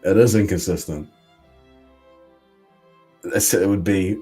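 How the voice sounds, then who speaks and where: A man's voice: sits low, slow, long pauses, warm tone, breathy edge, soft background music. A man co-hosting a casual chat, who teases and laughs often.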